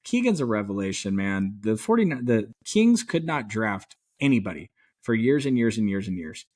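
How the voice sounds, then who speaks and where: A man co-hosting a podcast, chatting about sports as an excited, rambling fan with some mild swearing. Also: on the low side, normal speed. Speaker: podcast co-host. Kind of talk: casual sports chat.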